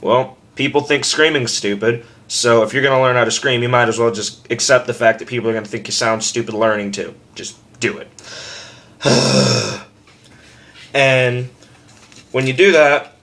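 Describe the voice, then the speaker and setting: Here a young guy teaches screaming in a loose, homemade tutorial, cursing and making self-deprecating jokes along the way. His steady, mid-range voice is a bit bright and moves fairly quickly with few pauses, apparently picked up on a basic camera mic at home.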